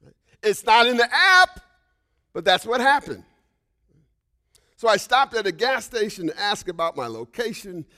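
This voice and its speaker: A male pastor preaching a sermon, telling a personal story with frequent "right?" asides and swings between loud outbursts and hushed whispers. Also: sits high, sing-song, normal speed, long pauses.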